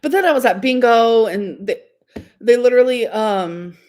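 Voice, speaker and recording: A woman's voice: on the high side, animated, normal speed, darkish tone. Chatty, giggly young woman streamer. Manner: chatty, rambling, giggly, lots of "like" and "um". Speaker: livestreamer. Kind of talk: casual livestream chat.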